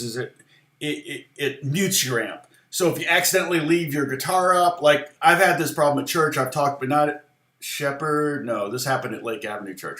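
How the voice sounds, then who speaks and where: A man's voice: mid-range voice, fairly bright tone, reverberant. A middle-aged man giving a casual livestream guitar lesson, chatty and rambling, with many fillers and restarts. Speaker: guitar teacher.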